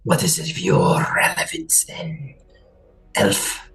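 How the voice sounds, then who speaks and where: A man voicing a cold, sinister male mind flayer prophet in a low, hissing whisper. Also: sing-song, slow pace, fairly bright tone, exaggerated voice, low-quality recording. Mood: menacing whisper.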